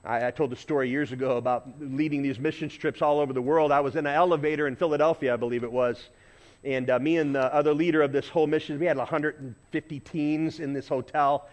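A pastor preaching a sermon in a conversational way, moving between loud emphasis and quiet intensity. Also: male voice, a little high, fairly even intonation, fast talker. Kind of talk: sermon with storytelling.

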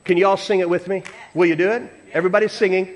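Guy preaching in church, high voice, playful and animated, jokes with the crowd. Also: rapid-fire. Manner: animated, playful, acts out voices and leads congregation singing. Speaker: pastor. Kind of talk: sermon.

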